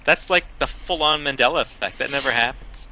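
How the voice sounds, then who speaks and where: Bright-voiced wry male co-host. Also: mid-range voice, brisk, rough recording. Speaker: podcast co-host. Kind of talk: casual podcast chat.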